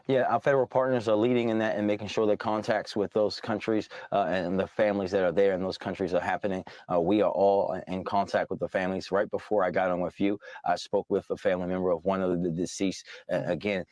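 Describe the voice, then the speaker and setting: A man speaking as a public official in a broadcast interview, measured and reassuring. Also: sits low, darkish tone, no echo, clean studio sound.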